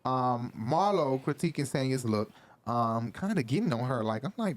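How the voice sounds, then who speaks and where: A man's voice: medium pitch, expressive, normal speed, slight background noise. A man casually recapping a reality show episode, chatty and profane, with laughing asides.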